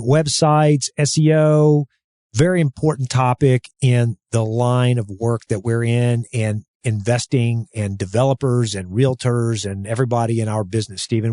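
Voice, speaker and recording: A man's voice: medium pitch, mellow, no room sound, studio quality. A man co-hosting a real estate podcast, talking at length in a rambling, friendly chat with many restarts. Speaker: podcast co-host. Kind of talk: casual chat.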